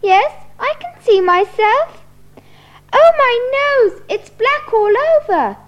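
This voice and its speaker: Very high, slow, dismayed woman, comic sketch. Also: animated, dull audio, exaggerated voice. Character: dismayed woman with a sooty nose. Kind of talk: comic sketch for language learners.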